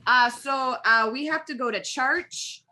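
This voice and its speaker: A woman's voice: sits high, measured pace, noisy background, voice pushed up. A woman voicing a folksy Wisconsin woman in a put-on Wisconsin accent, singsong and giggly.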